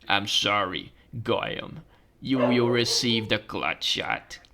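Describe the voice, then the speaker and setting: A man voicing a calm, menacing male doctor who speaks slowly and deliberately. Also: fairly low pitch, vocal fry, background noise, heavily acted. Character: cold, calm male doctor forcing an injection.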